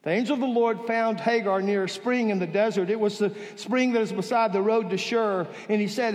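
A man preaching a sermon as pastor in a church, with dramatic pauses and soft, drawn-out emphasis. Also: sits high, fairly even intonation. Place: church sanctuary. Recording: reverberant hall.

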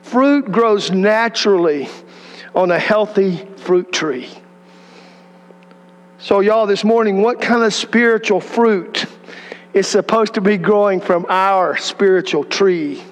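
Speaking slowly in a high voice, a middle-aged pastor delivers a storytelling sermon, asking the congregation questions as he goes. The church sanctuary gives his words a long reverb tail.

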